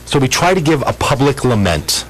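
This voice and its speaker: A man's voice: mid-range voice, moderate pace, slightly rough, rough recording. A middle-aged man from Minnesota hosting a radio talk show, telling stories with lots of stammered restarts. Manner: animated storytelling, frequent stammered restarts. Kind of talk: casual radio chat.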